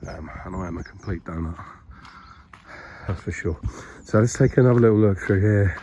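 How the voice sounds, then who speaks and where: Low-pitched and mellow, a man talks at a moderate pace with slight background noise and birds singing nearby. He's a vlogger on a hilltop by a graveyard exploring a historic site, breathless as he walks, chatty, rambling and self-deprecating.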